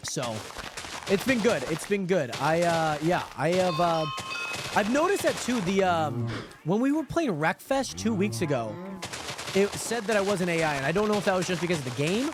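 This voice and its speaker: High, lively-voiced man chatting on stream. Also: normal speed, noisy background. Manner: rambling, chatty, talks to chat viewers between game actions. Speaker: livestreamer. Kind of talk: casual gaming livestream chat. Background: background music.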